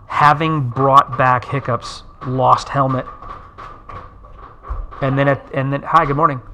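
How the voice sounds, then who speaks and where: Bright-voiced man telling an animation story. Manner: acts out characters' lines with big pitch jumps. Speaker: animation director, interview guest. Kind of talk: storytelling in an interview.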